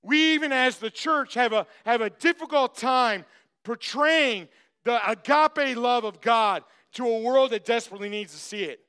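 A man's voice: extremely high pitch, normal speed, sharp tone, clean tone. A man preaching a sermon as pastor, emphatic, repeating phrases and speaking straight to the congregation.

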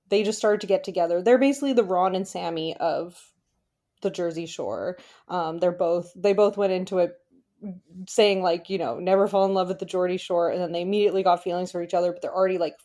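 A woman's voice: fairly low pitch, mellow. A woman co-hosting a podcast in casual chat, rambling with lots of "like" and restarts and often giggling. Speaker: podcast co-host. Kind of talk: casual chat recapping a reality show.

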